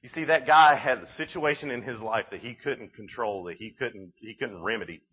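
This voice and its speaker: Man, youth preacher, animated casual storytelling, husky, dull lo-fi sound. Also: mid-range voice, moderate pace. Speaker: youth speaker. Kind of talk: youth sermon.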